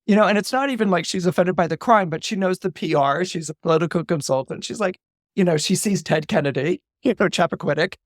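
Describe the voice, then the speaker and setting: A man's voice: sits high, fairly quick, no room sound, clean studio sound. A man, an astrologer guest on a podcast, retelling a story with animation, often repeating words and acting out the dialogue.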